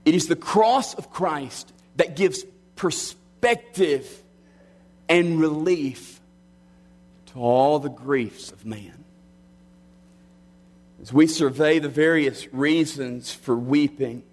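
This is a pastor, a middle-aged man with a medium-pitched voice, giving an earnest sermon. He eases his pace and goes quiet whenever he reaches the important lines.

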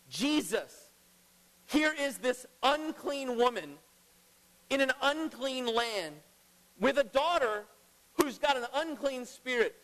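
A middle-aged man preaching a sermon as pastor, emphatic, swinging between loud and hushed. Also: very high-pitched. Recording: long reverb of a large hall.

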